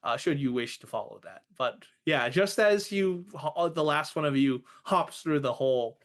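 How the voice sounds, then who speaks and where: A man's voice: a little high, expressive, moderate pace. A man narrating a tabletop game as game master, often laughing as he describes scenes.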